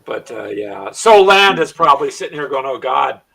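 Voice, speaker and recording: A man telling wry workplace stories in casual chat, delivering punchlines deadpan. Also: on the high side, normal speed, vocal fry, crowd noise, low-quality recording. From Iowa. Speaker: podcast co-host.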